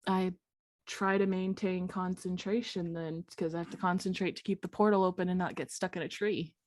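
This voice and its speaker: A woman playing a tabletop game, playful and quick to laugh. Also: lowish voice, steady tone, no room sound, studio quality. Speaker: player.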